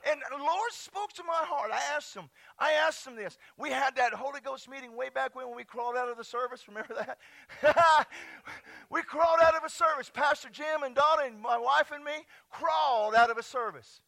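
A man preaching a charismatic sermon in a church, loud and laughing, swinging between shouts and near-whispers. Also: extremely high pitch, lively intonation, fairly quick, gravelly. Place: church sanctuary.

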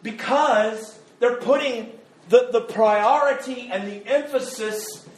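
A man's voice: extremely high pitch, roomy sound. A man preaching a sermon as pastor, conversational and joking, often repeating his words as he goes. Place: church sanctuary.

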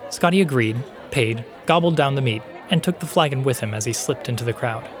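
Man narrating a fantasy story, measured. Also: medium pitch, over music. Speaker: podcast narrator. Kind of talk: scripted audiobook narration.

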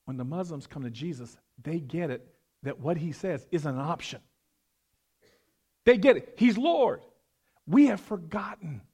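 A male pastor preaching a sermon, animated, swinging between loud emphasis and hushed, prayerful tones. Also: on the high side, unhurried, pauses often, husky.

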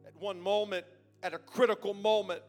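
A man preaching a sermon in a church, moving from a quiet, hesitant start to loud, shouted emphasis. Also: high-pitched, steady tone, brisk, soft background music.

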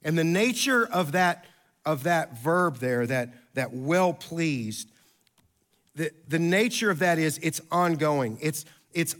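This man preaches as a pastor, his storytelling lively and conversational. His voice runs a little high, and he keeps a slow pace.

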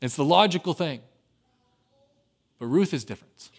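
A man preaching a sermon as pastor, dropping to a hushed, tender voice and then rising loud and urgent. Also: a little high, expressive, normal speed.

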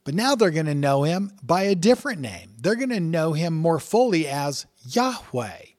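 A man's voice: a little high, sing-song, moderate pace, a little mellow, no room sound, studio quality. A man teaching from scripture in an earnest way, reading passages aloud with emphatic rises and talking through their meaning. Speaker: Bible teacher.

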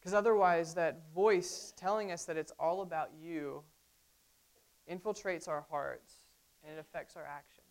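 A woman's voice: on the low side, steady tone, measured pace. A woman delivers a sermon from the pulpit. She keeps it conversational, tossing in frequent asides to the congregation. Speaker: pastor.

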